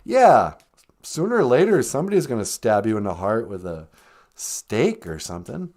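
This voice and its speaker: A man's voice: mid-range voice, big pitch swings, moderate pace, a little mellow. A man hosting a comedic live-stream podcast, joking casually and laughing at his own gags. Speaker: podcast host.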